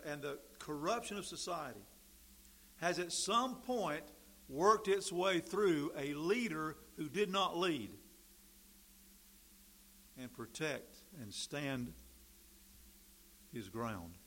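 A male preacher delivering a sermon at an unhurried, measured pace. His voice is gravelly and sits a little high for a man. He presses down on important words and pauses between phrases. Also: expressive, pushed and bright. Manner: slow and deliberate, stressing words, with pauses and fillers.

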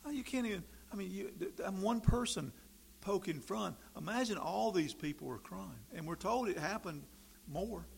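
A man preaching a sermon in an animated, sarcastic way, swinging from quiet remarks to loud, emphatic bursts. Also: high-pitched, moderate pace, gravelly, a little hiss or hum.

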